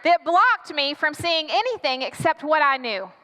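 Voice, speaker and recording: A woman pastor tells a personal story from the pulpit, dramatic and animated as she acts out her own panic. Her voice sits very high and sounds bright and forceful. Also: normal speed, big-room sound. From United States. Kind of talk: storytelling sermon.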